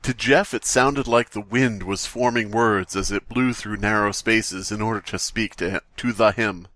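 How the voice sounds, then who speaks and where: A man's voice: lowish voice, normal speed, a bit bright, dry recording. A man co-hosting a comedy podcast, reading passages aloud and tossing in wry asides. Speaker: podcast co-host. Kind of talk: comedic read-aloud and banter.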